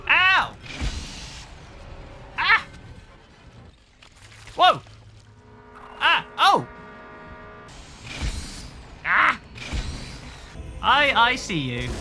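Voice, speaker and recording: Playing a horror game with music underneath, a jumpy gamer gasps and yelps at each scare and argues back at the monsters during let's play commentary. Their high-pitched, creaky voice swings hugely in pitch, moving very slowly with long pauses.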